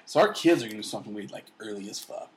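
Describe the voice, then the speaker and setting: A young man co-hosting a casual podcast, joking and swearing freely with loud outbursts. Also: fairly low pitch, animated, racing, a little hiss or hum. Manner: profane, jokey, loud outbursts. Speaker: podcast co-host.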